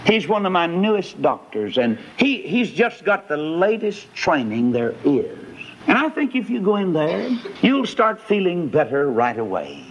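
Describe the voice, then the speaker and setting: Flattering, smooth-talking doctor, as a preacher puts him on, raised and coaxing, on a dull lo-fi tape. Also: male voice, sits high, measured pace, a little hiss or hum, pitched above the performer's own voice, exaggerated voice. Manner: coaxing, salesman-like. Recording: dull lo-fi recording.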